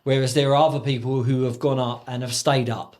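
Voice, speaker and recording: A man co-hosting a casual podcast chat, telling stories animatedly and acting out quotes in a high voice. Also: flat delivery, brisk, darkish tone. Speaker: podcast co-host.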